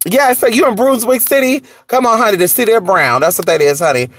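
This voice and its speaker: A vlogger in a casual gossip chat outdoors in the cold, sassy and animated, calling listeners honey and girl. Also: medium pitch, fast, few pauses, slightly rough.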